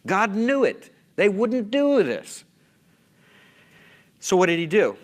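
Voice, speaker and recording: A man's voice: high-pitched, sing-song, takes it slowly. A man giving a conference lecture, emphatic and full of questions to the audience. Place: conference hall.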